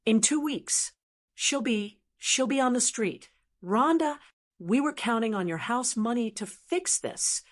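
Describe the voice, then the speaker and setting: A desperate daughter-in-law, shrieking and stammering as she pleads, as a woman reading a story puts her on. Her voice rides high and strained, tripping over repeated words. She begs and panics, never settling. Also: animated, measured pace. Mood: panicked.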